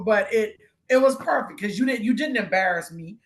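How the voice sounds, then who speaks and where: A woman's voice: medium pitch, lively intonation, a little fast, a little hiss or hum. A woman co-hosting a casual chat, telling an emotional story and acting out quoted voices. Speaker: guest co-host.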